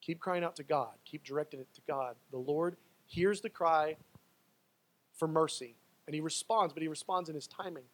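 A male pastor with a high-pitched voice delivers a sermon. He pushes into loud, pleading stretches, then drops to quiet, personal asides. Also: normal speed.

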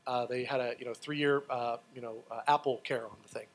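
A man preaching a sermon and telling personal stories in a casual, animated way. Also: medium pitch, brisk. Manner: animated, excitable storytelling; casual, conversational with fillers.

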